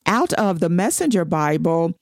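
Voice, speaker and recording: A woman giving a devotional Bible teaching. She reads scripture slowly and deliberately and explains it verse by verse. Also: on the low side, very animated, no room sound, studio quality.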